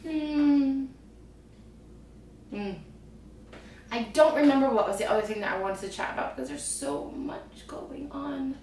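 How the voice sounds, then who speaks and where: A woman's voice: sits high, brisk, hardly any pauses, a little mellow, roomy sound, recorded from a distance, a little hiss or hum. A woman and trapeze instructor giving a rambling, upbeat motivational talk to her viewers. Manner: chatty, rambling, upbeat, lots of "like". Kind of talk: casual motivational talk to camera.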